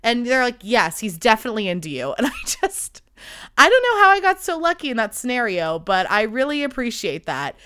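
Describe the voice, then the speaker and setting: A young woman talks through a casual solo podcast, animated and chatty, laughing often. Her voice is bright and crisp, smooth and clear. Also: fairly high pitch, normal speed. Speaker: podcast host.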